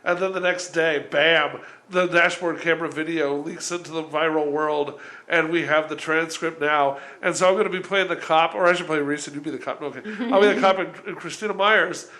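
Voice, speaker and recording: A man's voice: fairly high pitch, fairly even intonation, fairly quick, pushed and bright. A man hosting a comedy podcast, setting up a bit with lots of fillers. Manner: filler-heavy, rambling setup. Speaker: podcast host. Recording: echoey room.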